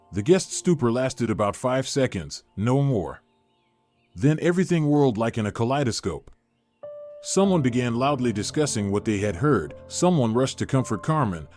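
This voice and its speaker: A man narrating a dramatic story in a measured, scripted reading. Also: mid-range voice, a little mellow. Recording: dry close recording with faint music.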